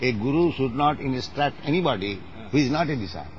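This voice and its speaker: A man's voice: medium pitch, lively intonation, brisk, muffled recording, a little hiss or hum. A man who is a spiritual teacher, instructing in conversation, emphatic and corrective and often repeating himself.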